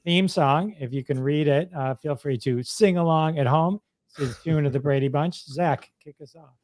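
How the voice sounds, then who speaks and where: A man's voice: a little high, moderate pace, darkish tone, no echo. A man hosting a casual live-stream chat show, upbeat and chatty, with an announcer-like voice. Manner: upbeat, chatty, laughs often. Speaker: podcast host.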